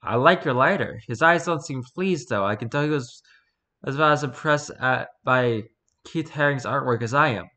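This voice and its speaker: A man casually reading a spooky first-person story aloud, relaxed and unpolished, stumbling and correcting himself as he goes. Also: medium pitch, normal speed. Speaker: story reader.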